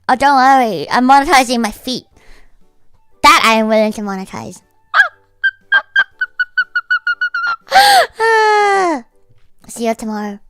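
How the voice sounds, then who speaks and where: A woman livestreaming in casual chat, rambling with lots of fillers and breaking into high-pitched laughter. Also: a bit bright, no room sound. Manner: rambling, heavy use of "like".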